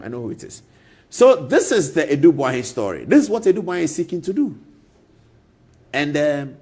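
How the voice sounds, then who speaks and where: A man's voice: mid-range voice, darkish tone, breathy edge. A middle-aged Ghanaian man hosting a talk show, telling a story with emphasis and repeating names for effect. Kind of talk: animated storytelling commentary.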